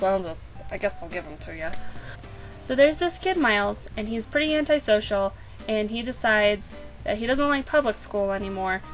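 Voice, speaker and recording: A woman vlogger recaps a book casually with sarcastic, playful asides. She talks at an unhurried pace and slips into short character voices. Faint music plays behind her. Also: medium pitch, low-quality recording.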